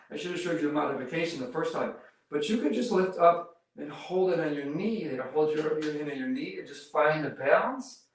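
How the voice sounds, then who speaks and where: A man leading a yoga class, giving calm step-by-step cues while he demonstrates the poses and counts breaths. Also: medium pitch. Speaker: yoga instructor. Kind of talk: guided yoga class instruction. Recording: roomy echo, mic far off.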